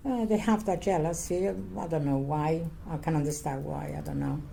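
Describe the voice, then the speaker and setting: Older Cypriot-born woman, halting English. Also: sits low, vocal fry, mellow, a little hiss or hum. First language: Greek. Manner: halting, repetitive non-native English, earnest. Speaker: interviewee. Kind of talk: oral history interview.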